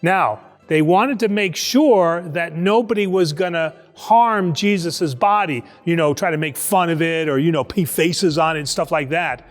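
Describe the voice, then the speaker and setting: A priest telling a Bible story to children in a lively, conversational way, acting out the voices. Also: male voice, fairly high pitch, unhurried, hardly any pauses, long reverb tail. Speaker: priest teaching Sunday school. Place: church.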